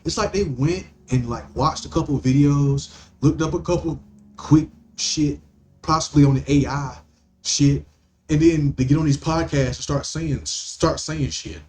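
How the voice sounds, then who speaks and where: A man's voice: fairly high pitch, measured pace, darkish tone. A man hosting a podcast, ranting in a profane, rambling monologue full of stammering restarts. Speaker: podcast host.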